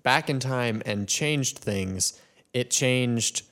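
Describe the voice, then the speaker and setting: A man chatting on a podcast in a mid-pitched voice that sits slightly lower than usual. He stops often, hunts for words and starts over. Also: a bit bright. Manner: halting, searches for words, restarts. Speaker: podcast co-host. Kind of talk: casual chat.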